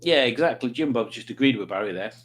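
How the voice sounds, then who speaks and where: A man's voice: medium pitch, lively intonation, fast talker. A man chatting casually on a livestream, rambling and reading out viewer comments. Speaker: livestreaming YouTuber.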